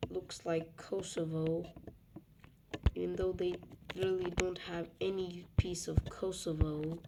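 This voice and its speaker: A young woman narrating a map video in a casual, rambling way, with self-mocking asides and soft muttered remarks. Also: lowish voice. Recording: loud background noise.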